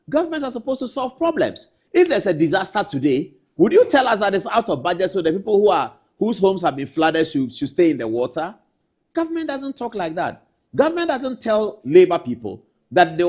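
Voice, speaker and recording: Ghanaian male anchor, husky, animated pitch, indignant studio commentary. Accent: Ghanaian English. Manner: indignant, rhetorical questions, swings between loud and hushed. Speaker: TV news anchor.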